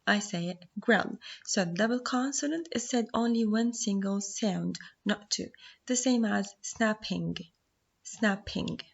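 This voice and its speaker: A woman whose first language is Arabic, teaching a phonics lesson, explaining slowly and sounding out words syllable by syllable. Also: on the high side, creaky, dull audio.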